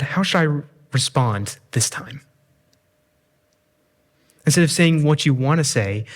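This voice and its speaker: A man preaching a sermon, earnest, asking the listener questions and painting everyday scenes. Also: a little high.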